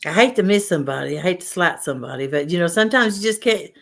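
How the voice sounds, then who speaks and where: Low-voiced easygoing woman livestream host. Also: expressive, fast talker, creaky, crowd noise. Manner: easygoing, reads out chat names and greetings. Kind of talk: casual livestream chat.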